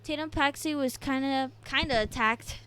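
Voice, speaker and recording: A young woman with a slightly high voice talks through a casual podcast recap. She is chatty and giggly and fills her pauses with ums and little hedges. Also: sharp tone. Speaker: podcast co-host. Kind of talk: casual wrestling recap chat.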